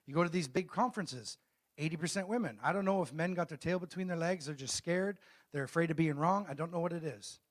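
A middle-aged man preaching a sermon as a pastor, calling out questions to the congregation and reading scripture slowly and emphatically. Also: a little high. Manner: call-and-response preaching, asks the congregation questions.

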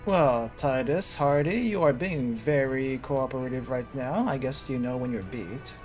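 A man streaming a story game, narrating scenes and talking to characters in a playful, animated way. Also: mid-range voice, unhurried. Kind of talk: let's play commentary. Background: background music.

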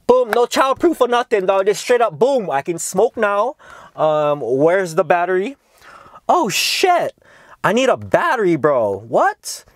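A young man with a high-pitched voice and big pitch swings reviews cannabis in a casual vlog, taking his time with no echo. He's laid-back and slangy, swears a lot, and calls viewers "dog" and "bro."

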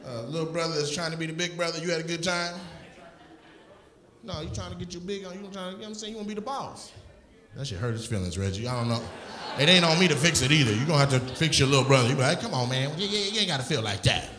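A male stand-up comedian doing crowd work, loudly teasing audience members and often breaking into shouts and laughter. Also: a little high, expressive, fast talker. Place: comedy club stage. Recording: echoey club room with audience noise.

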